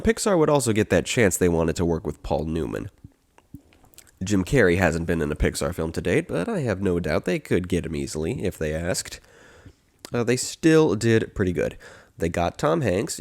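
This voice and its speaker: Low-voiced man chatting wryly. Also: darkish tone, dry recording. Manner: chatty, wry, swears, laughs at own jokes. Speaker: podcast host. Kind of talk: casual commentary.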